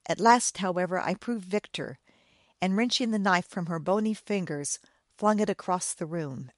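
A woman narrating a dark old story in a steady, measured reading voice. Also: fairly low pitch, no echo, studio quality. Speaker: audiobook narrator.

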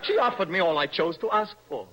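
A nervous, dreamy young poet in a radio stage play. His voice is breathy and bright, and it swings widely in pitch. He talks in an impassioned, poetic, half-mocking way. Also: expressive, a little fast, dull audio, heavily acted. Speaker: young poet in love with a married woman.

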